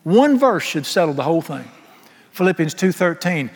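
A man's voice: a little high, sing-song, normal speed, slightly rough. A middle-aged man preaching a sermon, emphatic and folksy, with humorous asides. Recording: long hall reverb.

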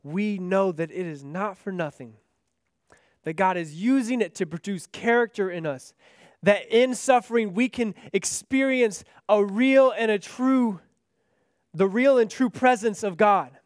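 A man preaching a sermon in an earnest manner, rising to impassioned pleas and then dropping soft and low. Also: a little slow, dry recording, clean studio sound.

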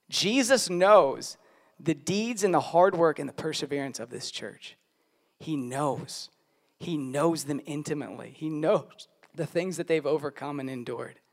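A man in his thirties preaching a sermon as pastor, earnest and emphatic, often repeating his key lines. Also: a little high.

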